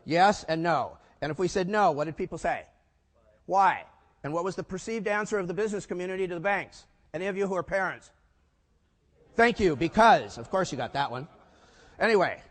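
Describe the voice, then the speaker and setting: Older man telling stories in a reverberant hall. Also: sits high. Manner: lively storyteller quizzing the audience with rhetorical questions. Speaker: keynote speaker. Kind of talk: storytelling conference talk. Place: conference hall before a live audience. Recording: long reverb of a large hall.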